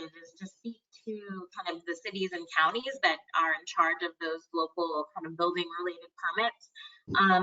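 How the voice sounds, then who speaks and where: A woman managing a campaign project who answers webinar questions and speaks extra loud to be heard. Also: mid-range voice. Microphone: video call. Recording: distant, dull lo-fi call audio.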